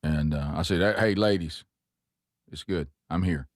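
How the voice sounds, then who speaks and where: Deep-voiced man telling a rambling story. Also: moderate pace, dry recording, clean studio sound. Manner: rambling, self-mocking storyteller with many restarts. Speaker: host. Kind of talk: casual chat, storytelling.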